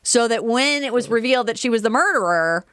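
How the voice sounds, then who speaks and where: A woman's voice: on the high side, lively intonation, brisk, a bit bright, clean tone, no echo. A woman hosting a podcast in casual chat, making dry, wry asides and passing the turn to others. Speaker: podcast host.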